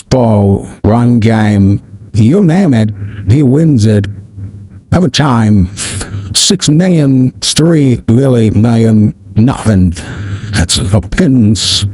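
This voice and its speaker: A man doing a halting, oddly paced celebrity impression through a voice changer, with odd pauses between phrases. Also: medium pitch, a little mellow, slightly rough, no room sound.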